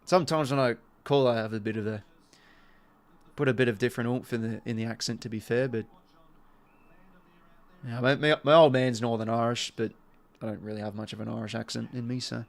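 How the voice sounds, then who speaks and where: An Australian man commentating a footy match live on his stream, mid-pitched and chatty. He calls the play in quick bursts and turns to talk with his viewers between the action. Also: steady tone, gravelly. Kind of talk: casual live watch-along commentary.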